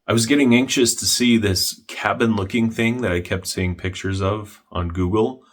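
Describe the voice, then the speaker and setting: Young male vlogger, low-pitched, deadpan narration with dry wit. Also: moderate pace. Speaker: history vlogger.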